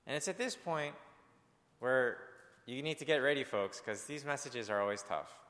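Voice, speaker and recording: A man's voice: mid-range voice, animated, moderate pace, a bit bright, long reverb tail. A male pastor preaching a sermon in an earnest, conversational way, speaking directly to his congregation.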